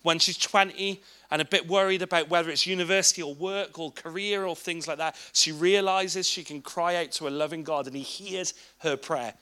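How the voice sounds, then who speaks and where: Bright-voiced English man telling a story. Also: fairly high pitch, steady tone, normal speed, few pauses, smooth. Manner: informal, candid storytelling with asides to the audience. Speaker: speaker at a church children's ministry event. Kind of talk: personal testimony talk.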